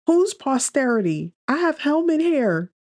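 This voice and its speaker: A man's voice: a little high, measured pace, gravelly, darkish tone, no echo, clean studio sound. A man voicing a teasing young woman. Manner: teasing, argumentative banter. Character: playful teasing young woman, quick to laugh.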